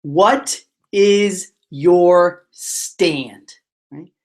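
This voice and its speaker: A man presenting a motivational webinar, telling stories in a lively way and acting out the voices of the characters. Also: high-pitched, drawn-out words. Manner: animated storyteller, acts out voices. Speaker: motivational speaker.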